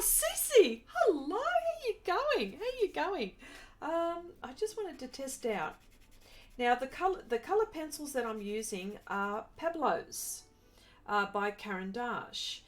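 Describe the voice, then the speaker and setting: A fairly high-voiced Australian woman chats her way through an art live stream. Her talk is loose and friendly, and her voice jumps up brightly whenever she greets a viewer by name. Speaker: art livestream host. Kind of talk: casual live stream chat while drawing.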